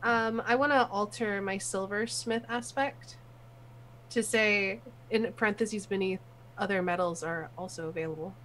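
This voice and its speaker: A woman's voice: mid-range voice, moderate pace, a bit bright, slight background noise, low-quality recording. A woman player in a tabletop game voice chat, chatty with frequent laughs and fillers. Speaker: player and artist.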